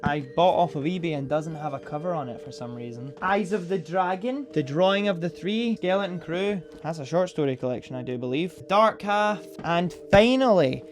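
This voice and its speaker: A man with a slightly higher voice talks through his monthly reading in a loose, rambling way. He pokes fun at himself as he goes. Faint guitar music plays behind him. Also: moderate pace, few pauses. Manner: rambling and self-deprecating. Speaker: book vlogger. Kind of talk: casual book review chat.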